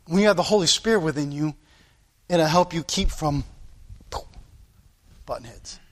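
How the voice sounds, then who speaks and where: A man's voice: a little high, brisk. A man preaching a sermon to his church as pastor, earnest, with sound-effect asides.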